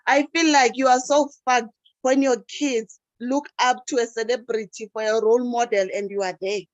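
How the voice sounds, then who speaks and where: A woman's voice: on the high side, steady tone, normal speed, no echo, highs cut off. A woman, a teacher and life coach, giving an emotional motivational talk on a video call. She repeats herself often and keeps calling her listeners guys.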